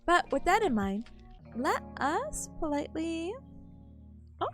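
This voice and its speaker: Over soft music, this VTuber talks slowly in a very high, very animated voice. She's giggly and sniffly with a somewhat worn voice as she jokes around casually with her viewers.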